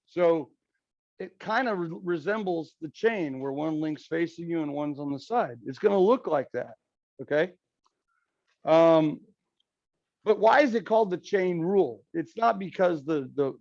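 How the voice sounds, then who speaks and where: A man's voice: on the high side, a little mellow, no room sound. A male math teacher lecturing a class, walking through each step and often checking in with "okay?" and "right?". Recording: dull lo-fi, dry sound.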